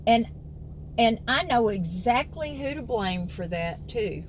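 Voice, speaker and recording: A woman's voice: a little high, lively intonation, takes it slowly, a little hiss or hum. A woman in her sixties with a Southern US accent, chatting folksily to her viewers in a casual vlog. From American South. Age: 60s. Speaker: vlogger. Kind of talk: casual chat to camera.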